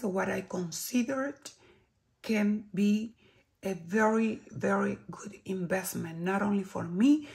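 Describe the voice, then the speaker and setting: Chilean woman reviewing makeup, Spanish-accented English, unhurried with a gravelly edge, slips into soft whispers. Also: mid-range voice. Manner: slow, lingering, drops to soft whispers when admiring products. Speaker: beauty vlogger. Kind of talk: product review and tutorial.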